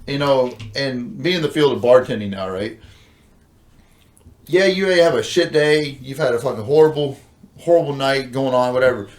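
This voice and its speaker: A man's voice: mid-range voice, normal speed. Laid-back man with mid-range voice. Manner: laughing, profane, teasing. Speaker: podcast guest, bartender. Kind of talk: casual chat.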